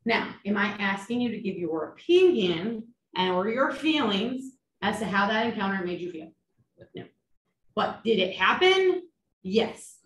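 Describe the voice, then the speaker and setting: A middle-aged woman trial attorney teaching a seminar to nurses, animated and full of rhetorical questions. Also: mid-range voice, a little slow. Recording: echoey room, distant mic, faint ambience.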